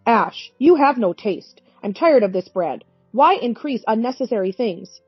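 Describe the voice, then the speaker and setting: A woman's voice: fairly high pitch, expressive, a little slow, breathy edge, no echo, faint music behind. A woman voicing a scornful, domineering middle-aged husband in a storybook-style reading, with a sneering, irritable manner. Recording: dull lo-fi recording.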